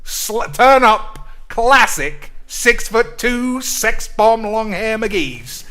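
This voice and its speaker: A young man ranting as a podcast host, loud and swaggering, with sudden shouts and crude jokes. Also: sits high, animated, drawn-out words. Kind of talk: crude comedic banter.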